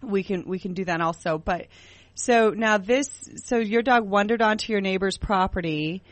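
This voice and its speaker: Gentle, halting woman radio host. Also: medium pitch, dry recording. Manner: gentle, repetitive, halting phrasing. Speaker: radio talk show host. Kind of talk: call-in talk radio.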